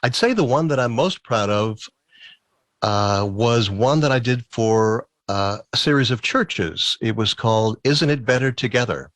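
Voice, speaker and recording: A man's voice: mid-range voice, expressive, a little slow, a bit bright, dry recording. A man telling stories as a guest in an interview, talkative and chuckling as he goes. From Massachusetts. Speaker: guest, musician and former DJ. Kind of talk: casual interview storytelling.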